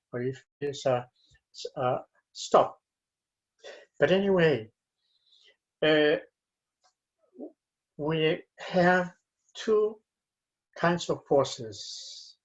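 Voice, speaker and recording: Chilean-accented male lecturer, slow and deliberate, fairly high voice, muffled lo-fi audio. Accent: Chilean Spanish. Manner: slow, careful, with frequent fillers and pauses. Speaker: university English teacher. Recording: dull lo-fi sound.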